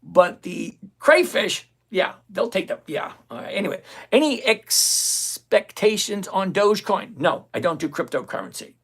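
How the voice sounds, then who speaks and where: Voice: mid-range voice, sing-song, measured pace, a bit bright, slightly rough. An older, retired investing host on a live stream, talking casually to viewers, reading their comments aloud and answering them bluntly and sarcastically, often repeating phrases for emphasis.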